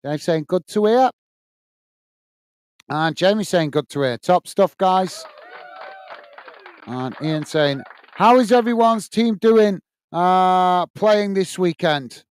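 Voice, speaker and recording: A man's voice: high-pitched, slow, pauses often, clear, resonant tone, no echo. A man hosting a football watch-along, chatting casually, reading out viewer messages and calling the play. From United Kingdom. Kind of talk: casual live commentary and chat reading.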